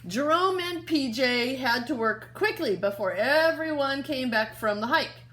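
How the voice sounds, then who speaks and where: A woman teacher reading a picture book aloud to young children, expressive and asking them questions along the way. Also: high voice, a little slow.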